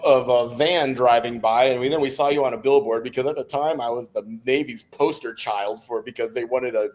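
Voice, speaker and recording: A man's voice: mid-range voice, fairly quick, hardly any pauses. A man in his fifties, a former Navy SEAL guest telling stories from his life in a casual interview and laughing between anecdotes. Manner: animated storyteller who laughs between anecdotes.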